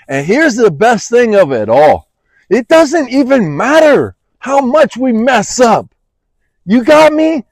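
A man's voice: sits high, a little mellow, dry recording, poor audio. A man preaching a fervent daily devotional, impassioned, repeating his phrases and calling out to his listeners as y'all.

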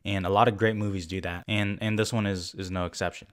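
A young man giving a casual, rambling film review. He is excitable and swears often. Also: low-pitched, fast talker. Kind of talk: casual spoken movie review.

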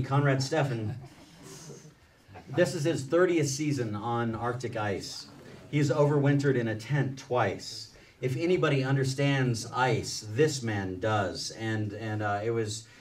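A man's voice: mid-range voice, recorded from a distance. A man reading aloud from his own book at a library event, then talking loosely with fillers and restarts. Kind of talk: book reading mixed with casual storytelling. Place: public library event room.

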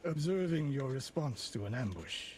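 A man's voice: medium pitch, animated, moderate pace, a little mellow, a little hiss or hum, close to an everyday voice. An actor playing a stern older male archery sensei in a video game, speaking in a testing, commanding manner. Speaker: game character.

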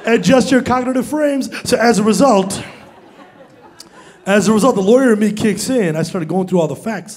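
High-voiced man doing stand-up. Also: normal speed. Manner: animated storytelling, acting out voices. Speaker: stand-up comedian. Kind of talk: stand-up comedy routine. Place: stage before a live audience.

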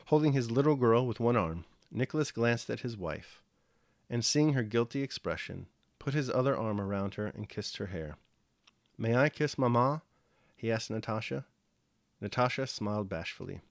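A man reading a classic novel aloud, calm and measured in his narration. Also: medium pitch, creaky, no room sound, clean studio sound. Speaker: audiobook reader. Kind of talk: scripted literary narration.

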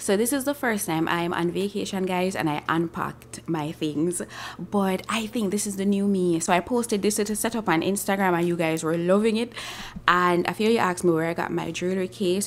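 A woman chatting casually in a travel vlog. She sounds husky and tired after just waking up. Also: fairly low pitch, a little fast, hardly any pauses, slight background noise. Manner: chatty, shows items to camera. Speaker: vlogger.

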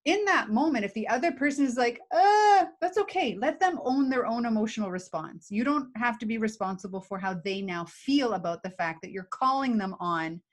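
Animated woman explaining with acted examples. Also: on the high side, brisk, hardly any pauses. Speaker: guest expert on emotional intelligence. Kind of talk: casual live video chat.

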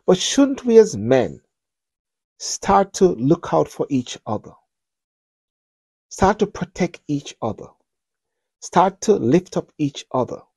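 A man's voice: a little high, sing-song, takes it slowly, long pauses, a little mellow, breathy edge, dry recording. A middle-aged man hosting a talk show, giving earnest spoken commentary with repeated, preacher-like appeals.

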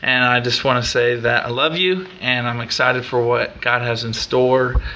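A man giving a slow, earnest thank-you in a tribute video, searching for words as the new youth minister. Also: medium pitch, fairly even intonation, pushed and bright, slight background noise.

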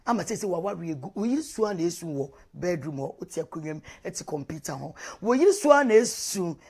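A woman's voice: on the low side, big pitch swings, quick pace, darkish tone, slightly rough. A woman with a Ghanaian accent giving marriage advice to viewers, talking emphatically, hammering key words again and again and mixing English phrases into her speech. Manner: mixes Twi with English phrases.

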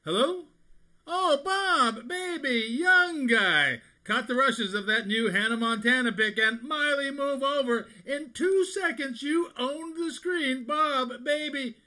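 A man voicing a fast-talking, flattering Hollywood movie agent in a cartoon parody, with a smooth sales patter. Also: extremely high pitch, heavily acted, poor audio. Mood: hurried.

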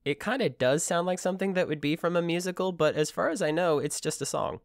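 A man's voice: on the high side, fast talker, gravelly, dry recording, studio quality. Worn-voiced man podcast co-host, emphatic. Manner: emphatic, mock-incredulous. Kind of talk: casual chat.

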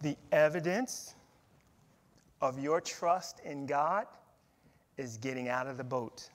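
A male pastor preaching in a church sanctuary, his fairly high voice ringing with a long hall reverb. He speaks slowly and emphatically, often repeating his words. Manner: emphatic, repeats words, reads scripture aloud. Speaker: head pastor. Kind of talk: sermon.

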